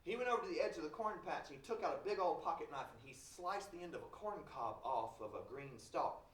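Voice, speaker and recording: A man's voice: a little high, animated, fast talker, a bit bright. A man from Kentucky, telling a story live in a folksy, wry way, heard in a large hall from a distance. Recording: roomy hall from far off.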